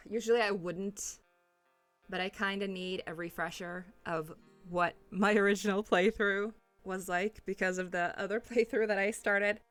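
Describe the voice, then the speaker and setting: A woman's voice: medium pitch, fairly even intonation, a little slow, fairly bright tone, no echo, faint music behind. A young adult woman casually talking through a story game as a streamer, chatty, swearing and laughing often. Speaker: let's play streamer.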